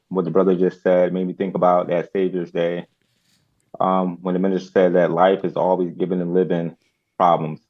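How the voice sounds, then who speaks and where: Male caller, very deep voice, measured and thoughtful, muffled line. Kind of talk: reflective testimony.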